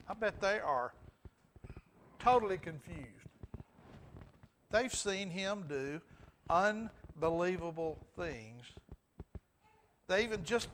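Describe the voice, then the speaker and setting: A man's voice: high voice, a bit bright, a little hiss or hum. A middle-aged man with a Southern US accent teaching a Bible class, asking the group questions and chuckling as he goes. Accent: Southern US, Alabama. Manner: asks the group questions, chuckles, restarts often.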